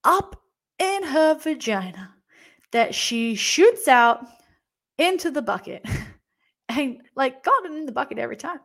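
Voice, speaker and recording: A young woman telling a travel story casually, chatty and full of filler words. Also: sits high. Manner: chatty, frequent "like" fillers and laughter.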